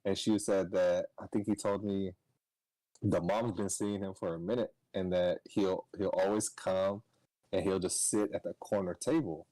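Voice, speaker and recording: A young man on a podcast, casually telling a story, swearing and laughing, his voice jumping high when he gets excited. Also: moderate pace, no room sound, rough recording. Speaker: podcast co-host.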